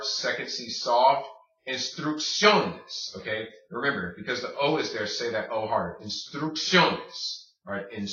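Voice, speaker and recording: A man teaching a recorded Spanish pronunciation lesson, saying words slowly and repeating them. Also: mid-range voice, pushed and bright. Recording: echoey room, distant dull mic.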